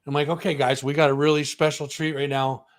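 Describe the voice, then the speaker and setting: A man's voice: a little high, level tone, brisk. A man co-hosting a music talk show, telling a story in casual chat and acting out the voices of the people in it.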